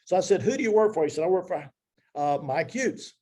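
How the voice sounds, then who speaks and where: A man's voice: high voice, expressive, fairly quick, mellow. A man in his seventies telling a personal career story to his team, acting out the dialogue as he goes. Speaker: business leader speaking to his team.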